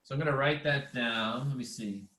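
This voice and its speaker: A man's voice: medium pitch, moderate pace, bright, forceful tone, a little hiss or hum. A man teaching a statistics class over a video call, informal and self-deprecating, muttering asides and mild curses. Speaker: math instructor. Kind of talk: casual online lecture. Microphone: video call mic.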